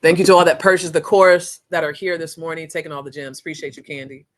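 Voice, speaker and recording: Woman, course instructor, livestream host, energetic, slangy, casual, speaks straight to viewers, computer mic. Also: sits low, fast talker. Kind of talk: casual live-streamed training.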